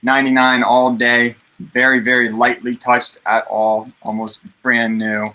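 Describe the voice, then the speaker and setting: A man co-hosting a live comic sale, quoting prices in a plain, steady way. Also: mid-range voice, measured pace, low-quality recording. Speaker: co-host. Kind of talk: live sales pitch.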